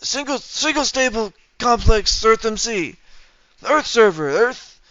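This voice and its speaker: A man putting on an impression of a tired, senile old male politician, with a halting, stumbling delivery and a thin, aged sound. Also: very high voice, animated, bright, forceful tone, no echo, highs cut off, pitched above the performer's own voice, heavily acted. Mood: rambling.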